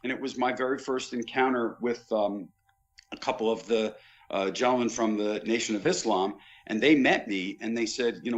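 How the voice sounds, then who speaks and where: Man, mid-pitched, storytelling podcast guest, muffled lo-fi sound. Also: normal speed. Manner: animated raconteur, vivid recollections. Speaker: podcast guest, former boxing pay-per-view executive. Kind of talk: anecdotal storytelling in casual chat.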